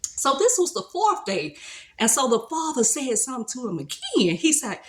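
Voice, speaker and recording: A woman's voice: high-pitched, big pitch swings, moderate pace, a bit bright. A woman giving a casual devotional talk, retelling a Bible story in a colloquial, conversational way. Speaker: speaker sharing a devotional.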